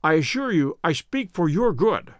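Man reading a keen brisk detective, crisp, earnest, measured, high lively voice. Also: no echo, clean studio sound. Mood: earnest, wary.

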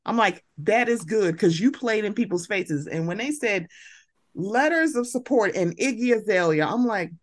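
A woman hosting a chatty podcast, talking in a blunt, slangy and animated way. Her voice sits in an ordinary middle range. She often acts out her own reactions in quotes. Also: medium pitch, normal speed. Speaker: podcast host. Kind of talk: casual chat.

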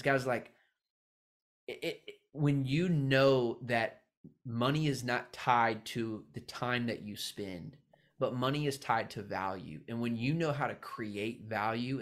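A man's voice: medium pitch, fairly bright tone. A man hosting a faith-based money podcast speaks in a mid-range voice. He rambles earnestly, circling back and restarting as he preaches his point. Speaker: podcast host. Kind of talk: passionate podcast monologue.

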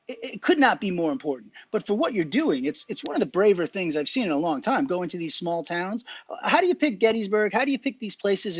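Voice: medium pitch, slightly rough, dry recording, highs cut off. An enthusiastic host interviewing a guest in casual chat, effusive and full of praise.

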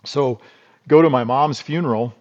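A man's voice: medium pitch, moderate pace, muffled recording. A middle-aged man from South Dakota, a podcast guest telling rambling, folksy stories in a casual interview. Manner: rambling, folksy, restarts and repeats words.

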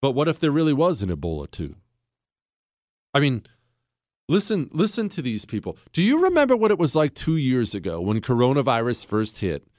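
A man's voice: medium pitch, wildly swooping pitch, brisk, a little mellow, dry recording, clean studio sound. A middle-aged man hosting a political talk show, indignant and sarcastic in his commentary. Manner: indignant and sarcastic, voices mock quotes. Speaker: podcast host.

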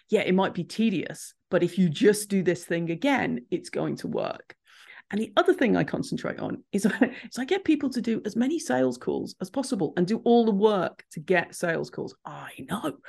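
A woman business coach talking casually as a podcast guest, lively and laughing often. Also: mid-range voice, gravelly. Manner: lively, laughs often, acts out clients' lines. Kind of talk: casual interview chat.

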